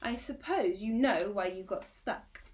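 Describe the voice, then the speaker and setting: A woman reading aloud and voicing a gruff male watchdog with a clock for a body, who barks and scolds loudly. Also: medium pitch, measured pace, natural voice. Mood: scolding. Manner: barking, scolding, loud.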